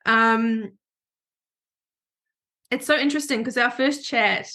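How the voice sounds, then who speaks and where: A woman's voice: on the high side, slow, pushed and bright. A woman hosting a podcast, bubbly and self-deprecating, chatting casually with a guest. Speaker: podcast host.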